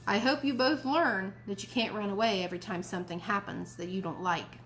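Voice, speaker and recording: A woman reading a calm, stern storybook father. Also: mid-range voice, a little fast, a little hiss or hum, lightly acted.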